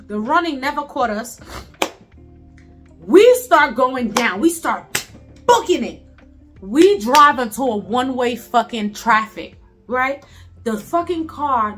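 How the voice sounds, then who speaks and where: A woman from Brooklyn, telling a story in an animated, emphatic, profane way. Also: fairly high pitch. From Brooklyn, New York. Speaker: storyteller vlogger. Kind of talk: casual storytime.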